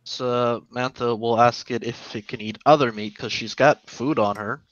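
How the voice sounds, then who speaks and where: A man's voice: medium pitch, fairly even intonation, normal speed, a bit bright, no room sound, muffled recording. A man playing in a tabletop game, describing his character's actions in the third person. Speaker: player.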